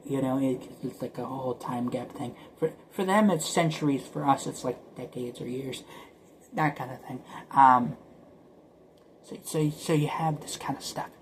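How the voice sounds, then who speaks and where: A man rambling through a casual vlog monologue at a mid-range pitch. He stutters and repeats himself, sometimes sinking into a whisper, with a faint hiss of noise behind him. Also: normal speed, poor audio. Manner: drops to whispers at times. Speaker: vlogger.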